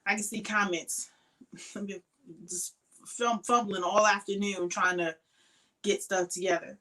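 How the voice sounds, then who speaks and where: A tired woman chats through a crochet livestream from her craft shed at home. She greets viewers by name and trails off with ums. Her voice is bright and clear, with a mid pitch. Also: steady tone, unhurried, low-quality recording. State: tired, sleepy. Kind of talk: casual livestream chat.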